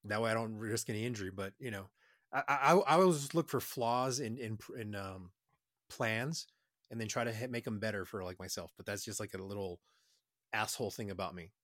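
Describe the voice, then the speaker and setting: A man's voice: on the low side, a little fast, a bit bright, no room sound. A man in casual, crude podcast chat who rambles, swears a lot and trails off into fillers. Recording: dry close sound.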